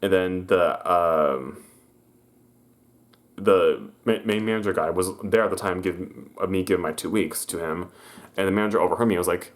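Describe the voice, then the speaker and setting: A man's voice: low voice, moderate pace. A young man telling a story in a casual vlog, rambling with many restarts and stammers, and acting out the people he quotes in a raised voice. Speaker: vlogger.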